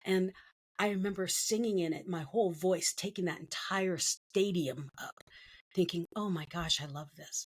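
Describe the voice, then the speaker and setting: A middle-aged woman from the Philippines tells her life story to an interviewer. Her voice sits low for a woman. She acts out what others said to her, swinging her pitch up and down as she goes. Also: normal speed, breathy edge. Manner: animated storyteller acting out quoted voices. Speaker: guest.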